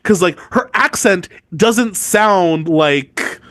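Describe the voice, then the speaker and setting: A podcast co-host chats casually about a book series in a high, animated, somewhat bright voice, speaking very slowly in a recording with no echo. He rambles with many "like" fillers and plays up mock outrage.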